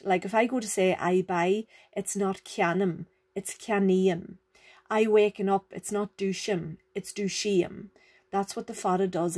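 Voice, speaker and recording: A woman's voice: mid-range voice, darkish tone, husky. A woman teaching a recorded grammar lesson, explaining step by step and checking in with the learners as she goes. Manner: patient, explanatory, checks in with frequent "okay?". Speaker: Irish language teacher.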